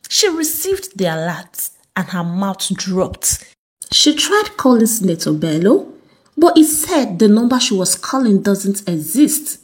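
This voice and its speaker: A woman's voice: mid-range voice, big pitch swings, unhurried. A woman, narrating a story aloud expressively.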